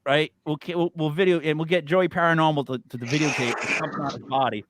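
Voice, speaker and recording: A man hosting a casual paranormal talk show, excitable and stammering as he jumps between ideas. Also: fairly high pitch, fast, background noise. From Italian-American. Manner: excitable, stammers and repeats words. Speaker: podcast host. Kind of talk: casual chat.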